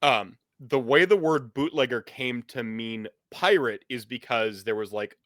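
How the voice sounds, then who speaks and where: A man's voice: medium pitch, a little slow, fairly bright tone, no echo, studio quality. A man as game master, chatting in a rambling way with many fillers, then narrating a scene. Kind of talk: casual chat and game narration.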